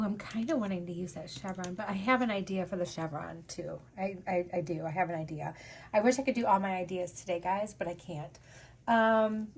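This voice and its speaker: Slow-talking, gushing crafting host woman. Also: mid-range voice, a little hiss or hum. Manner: gushing, excitable, chatty with frequent gasps. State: teary and sniffly after sneezing. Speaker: jewelry-making channel host. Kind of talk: casual unboxing and crafting vlog.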